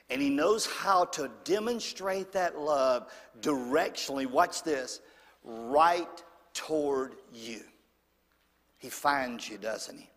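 A man preaching a sermon in church, swinging from loud and high to hushed and low. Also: expressive, slow, big-room sound. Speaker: pastor.

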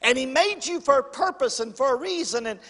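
High-pitched animated preacher, echoing hall. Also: male voice, a little fast. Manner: call-and-response preaching, animated swings between loud and hushed. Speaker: pastor. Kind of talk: sermon. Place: church sanctuary. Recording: long hall reverb.

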